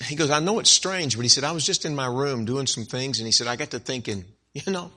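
A male preacher tells a personal story from the pulpit with a bright, forceful voice. He acts out each side of the dialogue, and his voice climbs high for emphasis before dropping back to a plain telling tone. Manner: animated storyteller who acts out dialogue, rising to emphatic peaks. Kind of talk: sermon storytelling.

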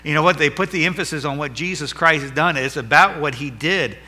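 Bright-voiced preaching pastor, man. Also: fairly high pitch, brisk. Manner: preaching with rising and falling emphasis. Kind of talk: sermon. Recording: hall reverb.

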